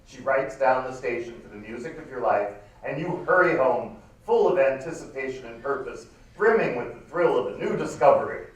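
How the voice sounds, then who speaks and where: A man reading narration aloud at a live stage event, gentle and measured. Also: medium pitch, animated. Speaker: co-reader. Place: large performing arts hall. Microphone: far camera. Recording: echoey hall from far off.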